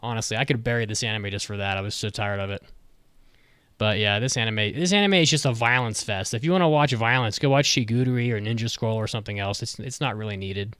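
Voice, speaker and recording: A man's voice: on the low side, quick pace, a bit bright, smooth, dry recording. A man co-hosting a podcast, giving a blunt, profanity-heavy anime review in casual chat. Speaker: podcast co-host.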